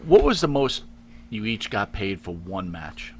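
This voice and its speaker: A man hosting, asking his guests questions in a quick, lively way. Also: lowish voice, very noisy. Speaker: host. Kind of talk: casual interview questions.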